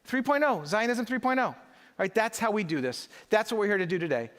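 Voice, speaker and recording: Middle-aged guy with a high voice, punchy rhetorical keynote, big echoey hall. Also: expressive, brisk, fairly bright tone. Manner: rhetorical, audience-engaging, emphatic. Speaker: conference speaker. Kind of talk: live keynote speech. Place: large conference hall.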